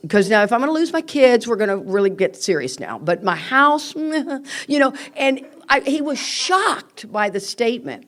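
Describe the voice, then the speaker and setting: An older woman speaks candidly and with energy to a recovery meeting, reading out quotes and acting out the people in her stories. Her voice is a little high and her pace moderate.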